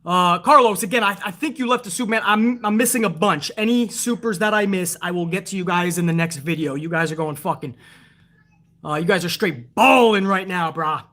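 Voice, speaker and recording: With a high, sharp-toned voice and a brisk pace, this man hosts a casual wrestling review livestream. He rants with lots of swearing and reads chat messages out loud.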